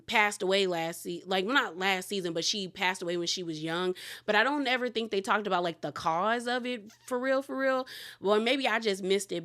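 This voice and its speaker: Chatty woman recapping a reality show. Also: mid-range voice. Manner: chatty, rambling, heavy use of "like"; candid and animated with quick asides. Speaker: podcast host reviewing a reality show. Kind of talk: casual recap chat.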